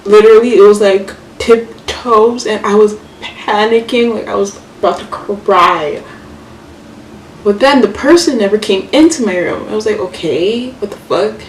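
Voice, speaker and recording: A young woman vlogger telling a story casually while doing her makeup, chatty and animated, full of fillers and swearing. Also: medium pitch, normal speed. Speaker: beauty vlogger. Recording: echoey room, mic far off, faint hiss.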